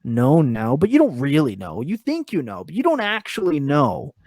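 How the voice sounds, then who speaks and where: A man, a professional wrestler, talking candidly as a podcast guest, swearing freely and ranting with rising pitch. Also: wildly swooping pitch, normal speed, a little mellow, no room sound, clean studio sound. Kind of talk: casual podcast interview. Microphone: remote call mic.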